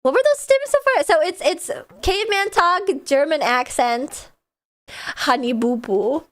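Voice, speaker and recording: A woman streaming a video game, chatting excitedly and casually, swearing now and then. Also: sits high, a little slow. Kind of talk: casual gameplay livestream chat. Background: faint game music.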